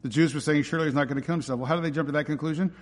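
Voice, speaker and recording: A male pastor delivers a sermon with emphatic force, piling up rhetorical questions and repeated lines at a rapid-fire pace. His steady voice sits a little high for a man and rings with the long reverb of a large church hall.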